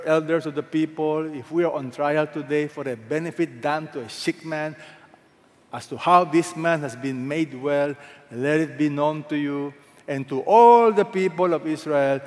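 A man preaching a sermon as pastor, emphatic, asking the congregation questions and having them read along. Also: on the high side. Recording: echoey hall with long reverb.

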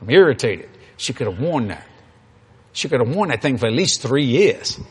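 A man's voice: mid-range voice, sing-song, normal speed, husky. A man preaching a sermon, telling folksy stories in an emphatic way.

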